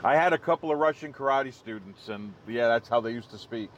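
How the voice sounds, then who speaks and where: A man's voice: mid-range voice, brisk, lo-fi sound, slight background noise. A man hosting a live stream outdoors, joking casually and laughing at his own jokes. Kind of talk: casual livestream commentary.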